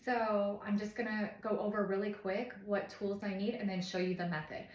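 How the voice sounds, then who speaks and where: A woman in her thirties talks through a how-to in a casual, chatty way, now and then asking "okay?" She sits in an echoey room at home, and her voice sits at an ordinary middle pitch. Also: little pitch movement, moderate pace. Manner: chatty and instructive, often checks in with "okay?"; softly shushes and imitates baby cries while demonstrating. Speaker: parenting vlogger.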